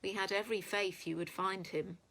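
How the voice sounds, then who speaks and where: A woman voicing a gruff older male red dragon with a Welsh accent. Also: medium pitch, steady tone, moderate pace, a bit bright, low-quality recording.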